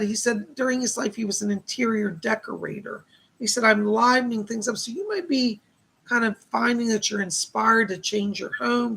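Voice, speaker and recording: Male psychic medium, live-stream host, gravelly husky voice, chatty relayed messages. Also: high voice, a bit bright, rough recording. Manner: relays spirit messages with constant "she said" tags.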